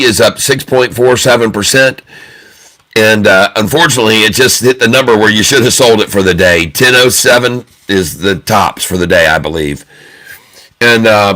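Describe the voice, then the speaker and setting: A man hosting a casual day-trading live stream from his phone, talking in a booming, loud and animated way.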